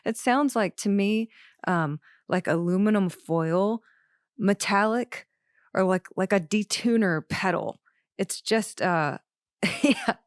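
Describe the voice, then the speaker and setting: A woman's voice: medium pitch, slow, clean tone, no echo, clean studio sound. A woman hosting a show, giving casual, enthusiastic commentary on an album with lots of fillers. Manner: enthusiastic, chatty, many fillers. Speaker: podcast host.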